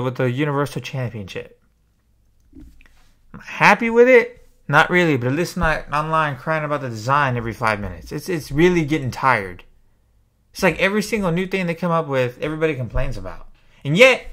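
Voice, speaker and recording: A man's voice: on the high side, fairly bright tone. A man venting to camera in an exasperated opinion rant, swearing freely as a small YouTuber. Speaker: wrestling YouTuber.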